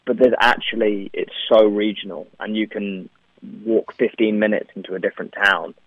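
A man's voice: lowish voice, steady tone, moderate pace, no echo. Young Englishman on a tinny phone line. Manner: chatty, laughs often, many fillers. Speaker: actor, interview guest. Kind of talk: remote interview.

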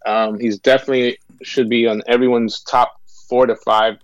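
A man appearing as a boxing analyst guest, speaking in a calm, measured, easygoing way. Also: mid-range voice, no echo, dull audio. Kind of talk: casual chat.

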